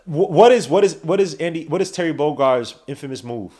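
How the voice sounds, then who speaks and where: Male podcast host, live watch-along commentator, fast and animated, hiccuping now and then. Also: a little high. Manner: rapid play-by-play that jumps into loud excited teasing.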